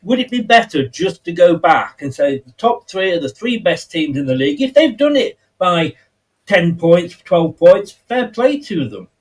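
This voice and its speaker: A man's voice: sits high, very animated, moderate pace. A man hosting a casual football chat on a fan panel, chatty and steering the talk. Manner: chatty, leads the discussion, laughs easily. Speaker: host. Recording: voice a bit distant from the mic.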